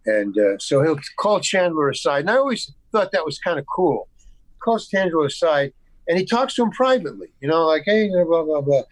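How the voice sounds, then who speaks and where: Guest actor, male, from the States, video call, higher voice, dry sound, stammering storyteller. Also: big pitch swings, brisk, no room sound, low-quality recording. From United States. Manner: rambling, with frequent restarts and stammers; acts out quoted dialogue in the story. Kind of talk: casual anecdote storytelling.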